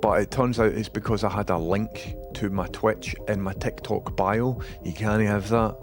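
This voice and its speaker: A man's voice: fairly low pitch, fairly even intonation, normal speed. Scottish man, live streamer, casual chat, dry humor, swears a bit, faint music behind. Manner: chatty, swears freely, dry asides.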